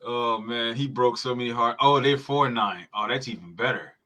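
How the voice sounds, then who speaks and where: Bright-voiced man ranting about football. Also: medium pitch, moderate pace. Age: adult parent. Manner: profane, heated sports rant. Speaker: podcast host. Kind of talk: live football reaction chat.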